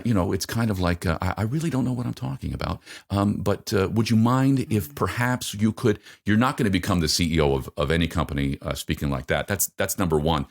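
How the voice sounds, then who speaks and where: A middle-aged man with a very deep voice, speaking as a voice coach in an interview. He talks haltingly and keeps circling back with fillers and repeated words as he explains. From North America. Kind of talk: interview answers.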